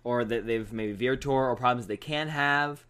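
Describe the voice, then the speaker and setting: A man's voice: mid-range voice, moderate pace, a bit bright, clean tone. A young man in his twenties co-hosting a casual talk show. He chats in an easygoing way and mostly keeps to short replies and asides. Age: 20s. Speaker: podcast co-host. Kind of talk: casual chat.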